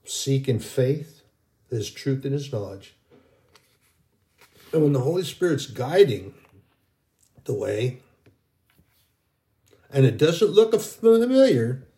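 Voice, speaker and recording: A man's voice: mid-range voice, very animated, slow, long pauses, dark tone. Earnest middle-aged man preaching. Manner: earnest, rambling, with frequent restarts. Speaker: Christian video preacher. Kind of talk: informal sermon.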